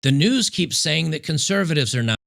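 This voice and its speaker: Gravelly, bright-voiced male commentator. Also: a little high, animated. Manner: sarcastic, emphatic, repeats key points slowly. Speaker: political commentary host. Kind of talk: opinionated commentary over news clips.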